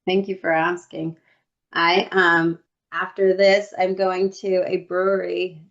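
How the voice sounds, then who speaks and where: A woman co-hosting a podcast in casual chat, telling lively stories and acting out what people said. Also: on the low side, takes it slowly. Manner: lively storyteller who acts out quotes. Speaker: podcast co-host. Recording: dull lo-fi recording.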